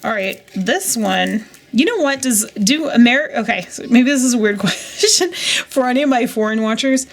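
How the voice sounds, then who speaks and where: Gravelly-voiced woman chatting while unboxing. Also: on the high side, expressive, normal speed. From United States. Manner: chatty, rambling, muttered asides to herself. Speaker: jewelry reseller vlogger. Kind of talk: casual chat while unboxing.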